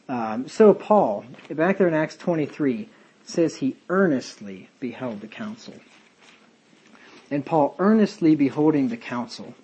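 Husky rambling man teaching Bible study. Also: mid-range voice, mellow, rough recording. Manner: rambling, conversational, many fillers and tangents. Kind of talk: casual Bible study talk.

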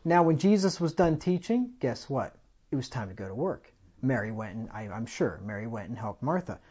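A man preaching a sermon with animated delivery, rising loud on key points and asking the congregation rhetorical questions. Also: mid-range voice, normal speed, breathy edge, lo-fi sound.

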